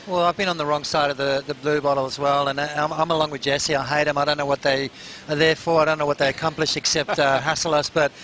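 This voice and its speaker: A man's voice: fairly high pitch, flat delivery, fast talker, fairly bright tone, a little hiss or hum, low-quality recording. A man, a former champion, giving surf analysis on a post-show broadcast in a laid-back, chatty way that laughs easily. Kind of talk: post-show sports commentary.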